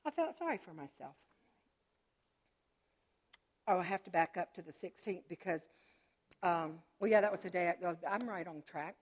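A middle-aged woman telling a personal faith testimony, animated and swinging from joyful shouts to hushed, low recollection. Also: fairly quick, husky. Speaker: church member giving testimony.

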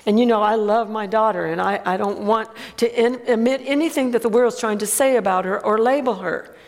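A woman's voice: on the high side, fairly quick, a little mellow, big-room sound. A woman preaching a sermon, emphatic and calling out to the congregation for amens.

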